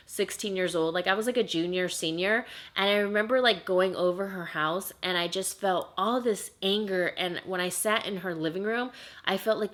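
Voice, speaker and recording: A woman's voice: lowish voice, fairly bright tone. A young woman talks straight to her viewers in a casual storytime vlog, recounting a paranormal experience. She is chatty and emotional, with plenty of filler words. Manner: chatty, emotional, heavy use of "like". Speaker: vlogger.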